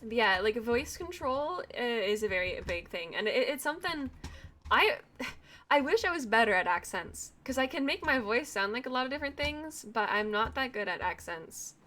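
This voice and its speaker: Bright Atlantic Canadian woman streamer. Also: on the high side, big pitch swings, moderate pace. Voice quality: slight Valley Girl sound. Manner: chatty, rambling, laughs often. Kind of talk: casual chat while gaming.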